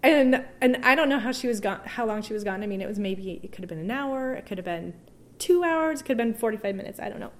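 A woman appears as an interview guest, sharing a personal story in an emotional, halting way, restarting sentences and laughing softly. Her voice sits on the high side and is animated, with slight background noise.

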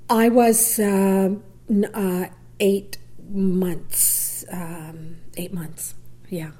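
A middle-aged woman tells a personal story with a mellow, dark voice. She acts out the lines of the people in it with lively shifts and sometimes sinks to a near whisper. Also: medium pitch, drawn-out words. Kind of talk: personal story told to a listener.

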